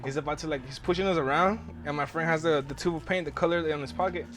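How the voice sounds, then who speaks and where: A young man talks quickly in a slightly high voice, spinning a rambling, profane story for his podcast. He laughs through the telling, and music plays clearly in the background. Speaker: podcast host. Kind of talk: casual storytelling chat.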